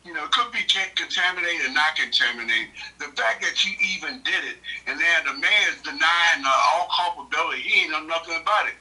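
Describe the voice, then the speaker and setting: A man's voice: a little high, expressive, brisk, few pauses, sharp tone, recorded from a distance, poor audio. A man who is a regular doctor guest on a talk show, speaking bluntly and with indignation. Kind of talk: casual talk radio.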